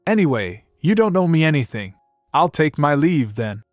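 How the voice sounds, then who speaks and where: Guy doing a calm reserved young noble, kinda earnest. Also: on the high side, moderate pace, no room sound, clean studio sound, faint music behind, pitched above the performer's own voice.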